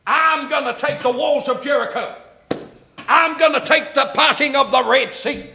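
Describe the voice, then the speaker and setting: A man's voice: very high voice, moderate pace, bright, forceful tone, echoey room, slight background noise, voice pushed up, exaggerated voice. An older man with a New Zealand accent voicing God in a story, solemn and building long lists. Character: God speaking, grand, calm, reassuring.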